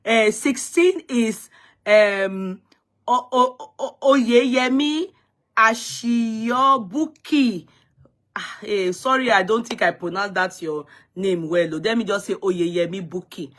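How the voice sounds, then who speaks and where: A woman's voice: mid-range voice, unhurried. A Nigerian woman hosting a casual livestream, chatty and teasing, greeting viewers by name and switching into Yoruba and Pidgin. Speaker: livestream host.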